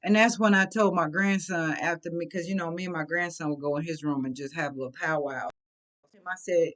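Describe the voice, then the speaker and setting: A middle-aged woman telling a personal story in an animated, emphatic, colloquial way. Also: lowish voice, a little fast. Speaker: vlogger.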